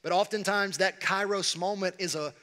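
A middle-aged man preaching a sermon as pastor, animated and repeating phrases as he speaks straight to the congregation. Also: high-pitched, normal speed. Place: large church sanctuary. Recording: long reverb of a large hall.

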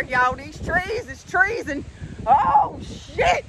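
Woman in her thirties, high voice, animated, profane, outdoor vlog, faint traffic behind. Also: a little slow. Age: 30s. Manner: animated and profane, addressing viewers as honey and y'all. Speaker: storyteller. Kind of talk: casual storytime vlog.

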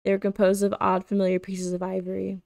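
Woman reading a book on stream, flat, gravelly tone, dry sound. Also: mid-range voice, quick pace, no echo. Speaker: streamer reading a novel aloud.

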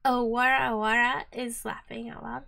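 Giggly high-voiced woman streamer. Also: flat delivery, moderate pace, creaky. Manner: giggly, laughs often and openly; chatty, reacts out loud to the app. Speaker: streamer learning Japanese. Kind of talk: casual live-stream chat.

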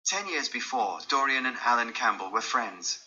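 A man reads a graded-reader story with animated pitch. His voice is bright and forward, and the recording is muffled and lo-fi. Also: normal speed. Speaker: audiobook narrator. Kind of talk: scripted narration of a graded reader.

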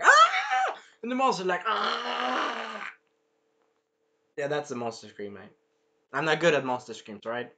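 Bright, animated man recapping an episode. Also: on the high side. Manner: animated, swears, acts out lines and sound effects. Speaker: show reviewer.

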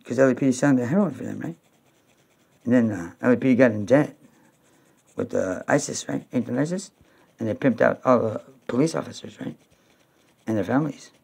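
A man from New York talking to camera in a rambling, repetitive way, now and then breaking into loud, high-pitched pleading. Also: a little fast, gravelly, long pauses, husky. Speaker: video blogger.

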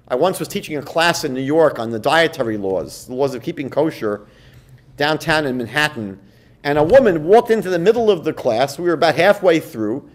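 Male rabbi lecturer, high voice, very lively delivery, acts out quotes. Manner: animated storytelling, acts out quoted voices, slows for emphasis. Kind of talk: lecture to a live class.

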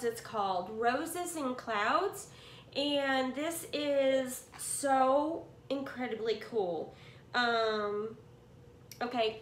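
Speaking in a high-pitched voice, this middle-aged woman unboxes swap yarn at home in a cluttered room, gushing and excitable, treating her viewers like friends. The casual chat sounds reverberant, with a little hiss or hum.

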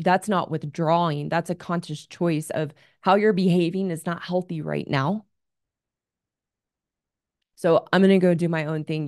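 A woman's voice: low-pitched, a little mellow, no room sound, clean studio sound. A woman hosting an advice show as a relationship coach, talking in an earnest, candid coaching tone. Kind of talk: advice monologue.

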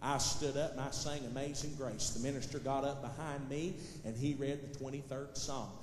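A man doing stand-up storytelling for a live audience, folksy and building to loud punchlines. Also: mid-range voice, steady tone, moderate pace, noisy background. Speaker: gospel comedian telling a story on stage. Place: large hall with live audience. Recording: echoey hall recording.

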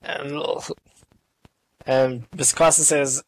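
A commentator calling a virtual wrestling show in casual play-by-play, excitable and swearing freely. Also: mid-range voice, husky. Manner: excitable, swearing, quick asides.

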